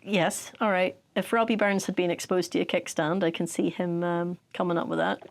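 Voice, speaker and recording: A woman with an Irish accent, co-hosting a podcast in casual chat, giggly and expressive. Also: fairly low pitch, moderate pace, vocal fry. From Ireland. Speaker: podcast co-host.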